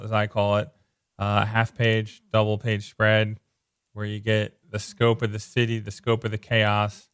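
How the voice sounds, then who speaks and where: A man casually walking through comic book pages, excited and loose, leaning on "like" and repeating himself. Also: fairly low pitch, smooth, dry recording, clean studio sound. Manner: enthusiastic, loose, repeats words, lots of "like". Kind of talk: casual page-by-page comic commentary.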